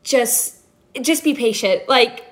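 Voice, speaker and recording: A young woman talking casually about faith and patience, animated and full of filler words. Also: fairly high pitch, slow pace. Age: young adult. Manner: chatty, animated storytelling, heavy "like" fillers. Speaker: podcast guest.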